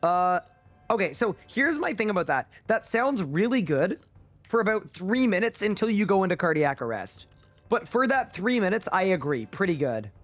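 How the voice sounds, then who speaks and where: A man's voice: high-pitched, sing-song, moderate pace, faint music behind. A man streaming a game live, bantering with his chat in a playful, incredulous way. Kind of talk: casual livestream chat with viewers.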